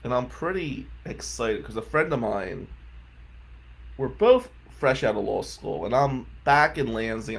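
A man in his forties with a gravelly, husky voice tells comic stories in a loose, casual way. He pokes fun at himself and jumps into the voices of the people he describes. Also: medium pitch. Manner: animated, self-mocking, acts out quotes. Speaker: lawyer.

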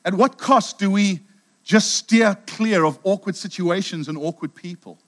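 Middle-aged South African male pastor, sermon, slightly high voice, chatty storyteller. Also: unhurried. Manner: storytelling, chatty, with many restarts.

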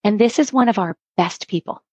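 A woman's voice: mid-range voice, brisk, slightly rough, no room sound, low-quality recording. Earnest woman instructional coach. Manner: earnest, animated storytelling with acted quotes. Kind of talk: podcast interview storytelling.

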